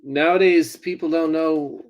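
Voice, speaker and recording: A man's voice: a little high, steady tone, measured pace. A man, an actor, answering interview questions casually, hesitant and wry. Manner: hesitant, many fillers, wry. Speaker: actor guest.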